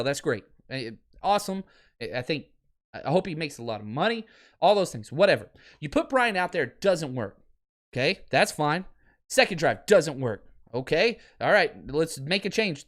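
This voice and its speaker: A man hosting a sports podcast, ranting in an animated, exasperated way at a close desk mic, going from near-shouting to low muttering. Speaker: podcast host. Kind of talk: sports talk rant.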